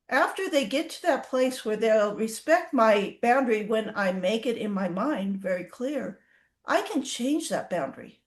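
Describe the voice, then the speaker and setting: A woman horse trainer telling stories in an interview, animated and acting out the horses' reactions. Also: fairly high pitch, unhurried, echoey room. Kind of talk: casual storytelling in an interview.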